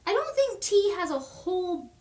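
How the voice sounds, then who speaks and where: Chatty high-voiced young woman streamer. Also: big pitch swings, a little mellow, slight background noise. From Oklahoma, USA. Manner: rambling, fast-talking, chatty. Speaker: livestream host. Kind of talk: casual live-stream chat. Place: at home at her desk.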